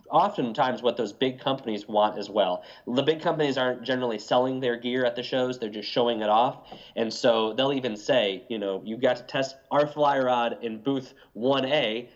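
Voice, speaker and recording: Brief: male interview guest, earnest advice, muffled lo-fi remote audio. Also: medium pitch. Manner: earnest, advising. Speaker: podcast guest. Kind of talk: casual interview talk.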